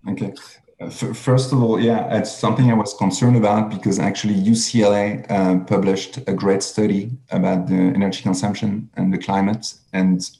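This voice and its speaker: A man with a French accent presenting his home retrofit on a video call, halting, with many fillers and restarts. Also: lowish voice, little pitch movement, vocal fry, mellow. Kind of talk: webinar presentation.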